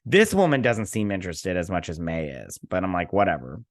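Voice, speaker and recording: A man's voice: deep voice, brisk. A young man casually recapping and reviewing a TV episode, rambling with many fillers and restarts. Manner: rambling with many fillers and restarts, paraphrasing characters in a flat aside. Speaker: TV review host.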